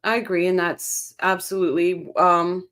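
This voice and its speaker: A woman hosts a casual true-crime livestream and chats her way through viewer comments. Her voice sits a little low for a woman, and she reads the comments aloud and reacts to them as she goes. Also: flat delivery, moderate pace, a bit bright. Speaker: livestream host reading chat.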